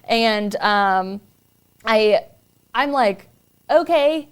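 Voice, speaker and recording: A woman's voice: high voice, unhurried, clean tone. A woman podcast host telling a personal story in an earnest, confiding way.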